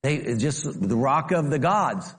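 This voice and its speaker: Animated preacher in a reverberant hall. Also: male voice, unhurried. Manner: animated, rising to near-shouts and dropping to low asides; acts out the quoted speakers in heightened voices. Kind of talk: sermon.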